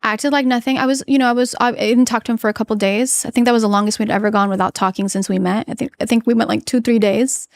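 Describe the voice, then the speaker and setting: A woman with a fairly high voice tells an earnest personal story as a podcast guest. She halts often, restarting her sentences and filling the gaps with fillers. Her voice sounds dry and close to the mic. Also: fairly even intonation, quick pace, hardly any pauses, no echo.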